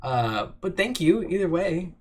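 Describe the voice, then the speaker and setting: A man's voice: a little high, sing-song, measured pace, husky. A man chatting casually on a livestream, rambling and joking with lots of fillers while reading out chat. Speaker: streamer answering chat.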